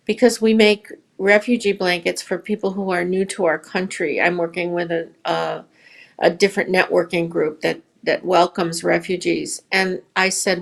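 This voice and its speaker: A woman's voice: fairly low pitch, flat delivery, normal speed, gravelly. A woman who runs a yarn shop, talking as a guest in a casual podcast conversation and telling stories earnestly. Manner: earnest, storytelling.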